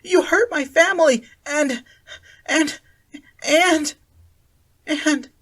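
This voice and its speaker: A narrator voicing a frightened, furious kidnapped young girl who shouts with a cracking voice. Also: sits high, extremely slow, distant mic, pitched above the performer's own voice, exaggerated voice. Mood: desperate shouting.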